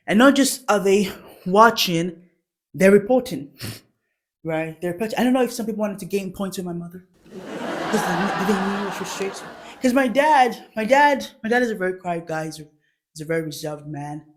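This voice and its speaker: A woman's voice: mid-range voice, animated, normal speed. A woman hosts a comedy show, telling a chatty, self-mocking story. She breaks into laughter often and keeps a loose, conversational flow. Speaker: host. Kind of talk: comic storytelling.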